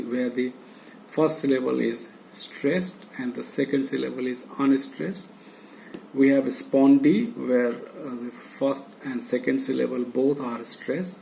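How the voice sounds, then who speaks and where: A man's voice: medium pitch, gravelly, warm tone, slight background noise, poor audio. A man with an Indian English accent giving a university lecture, hesitant, with many filler sounds, listing terms one by one. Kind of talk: slow recorded lecture.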